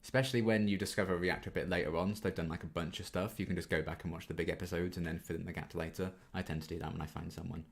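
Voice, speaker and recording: A man's voice: low voice, steady tone, rapid-fire, vocal fry, hardly any pauses. A young man in his twenties hosting a casual Q&A, reading viewer questions aloud and chatting through his answers with frequent ums. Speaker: YouTube reaction channel host.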